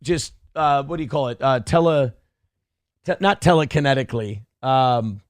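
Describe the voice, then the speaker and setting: A man's voice: mid-range voice, normal speed, no echo. A man hosting a casual commentary show, sarcastic, crude and rambling as he talks. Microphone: wears headphones.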